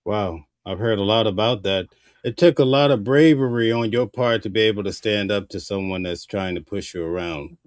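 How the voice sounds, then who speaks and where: A man hosting an interview, asking measured, probing questions. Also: fairly low pitch, dry recording, clean studio sound. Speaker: host.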